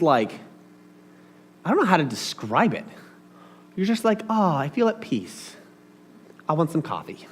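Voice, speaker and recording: Lively, chatty man preaching. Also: high voice. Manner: chatty and animated, talks to the audience with asides. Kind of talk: casual sermon to a congregation.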